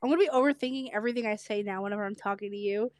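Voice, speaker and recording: A young woman co-hosting a casual podcast chat, speaking with a slight stutter and a lisp, chatty and quick to laugh. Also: medium pitch, darkish tone. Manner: chatty, quick to laugh, repeats herself when tired. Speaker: podcast co-host.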